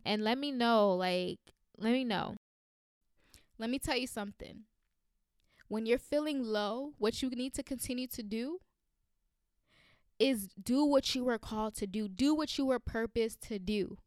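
A woman's voice: high-pitched, a bit bright, smooth, no echo, studio quality. A young woman who has just been crying, hosting a podcast and talking earnestly about her faith, full of fillers and restarts. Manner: emotional, earnest, rambling, frequent fillers. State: recently crying. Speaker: podcast host. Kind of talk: heartfelt faith monologue.

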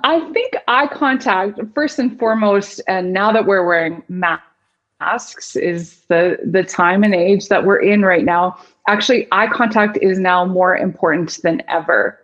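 A woman speaking as a guest on a video interview, explaining in a measured way. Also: mid-range voice, fairly bright tone.

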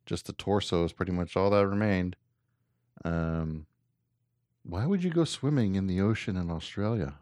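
A man with a somewhat low voice hosts a casual talk show, reading news items aloud and joking with his co-host. The sound is close and dry, with no room around it. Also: normal speed, no room sound. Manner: relaxed, joking, reads articles aloud with filler "uh". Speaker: podcast co-host.

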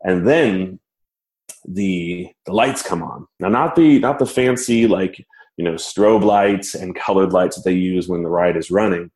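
A man telling a personal story in casual talk, animated and self-mocking, laughing as he goes. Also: low voice, measured pace. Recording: roomy echo.

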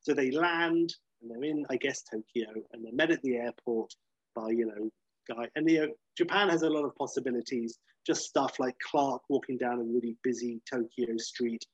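A man on a podcast pitching a film idea in casual comedic chat. He tells the story animatedly, with lots of fillers, and acts out the scenes as he goes. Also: normal speed, breathy edge, dry recording. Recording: dry, slightly dull lo-fi sound.

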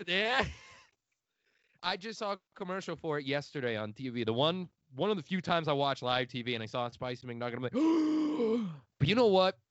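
A man's voice: fairly high pitch, big pitch swings, moderate pace, no room sound. A man with a Midwestern accent, hosting a podcast in casual chat, swearing freely and laughing often. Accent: Midwestern American. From outside Chicago. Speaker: podcast host. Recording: dry, muffled lo-fi audio.

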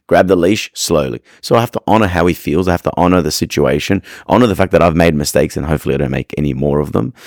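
A man's voice: a bass voice, no echo, clean studio sound. A man hosting a podcast, giving frank, rambling advice on dog training and restarting his sentences often. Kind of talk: casual advice monologue.

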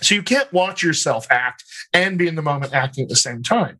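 A man who works as a dialect coach and actor, answering interview questions in a thoughtful, explanatory way, often pausing on "you know" and restarting phrases. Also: fairly high pitch, expressive, sharp tone.

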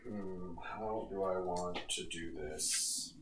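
A man's voice: deep voice, slow, fairly bright tone. A man at a board game table, hesitant and thinking aloud about his move. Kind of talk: casual game-night banter. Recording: noisy echoey room, distant mic.

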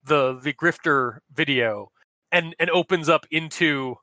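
A man chatting on a podcast with a bright, forceful voice that sits a little high for a man. He rambles, restarts his sentences and laughs often. The sound is close and dry. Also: measured pace, no echo. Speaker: podcast co-host. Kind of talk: casual chat.

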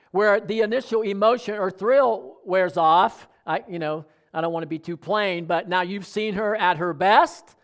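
High-voiced preaching man. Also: fairly bright tone, smooth. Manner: conversational preaching with audience questions. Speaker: pastor. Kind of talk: sermon.

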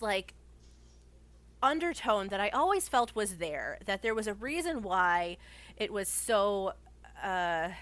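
A woman's voice: mid-range voice, fairly bright tone, clear, resonant tone. A woman in casual conversation, talking enthusiastically and rambling with lots of fillers. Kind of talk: casual chat.

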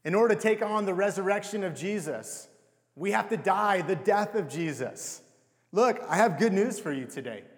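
A man's voice: high-pitched, lively intonation, normal speed. A young man preaching a sermon in a conversational, self-deprecating way, asking the audience rhetorical questions. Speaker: pastor. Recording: long hall reverb.

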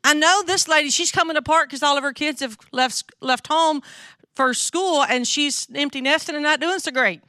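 A middle-aged Southern woman with a high-sitting voice delivers a chatty, candid sermon to a women's gathering at a moderate pace, her tone sharp. As a women's ministry speaker, she keeps asking her listeners questions and checking in with them. The recording is clean studio sound with no room noise.

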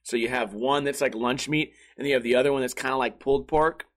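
A man's voice: medium pitch, steady tone, fast talker. A young man telling a rambling story in a casual vlog, full of swearing and fillers. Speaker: streamer.

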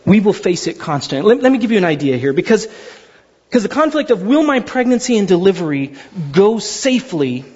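A man in his forties, a pastor giving a sermon, telling stories with animated quoted voices. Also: sits high, brisk, breathy edge. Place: large church hall. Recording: dull sound with long hall reverb.

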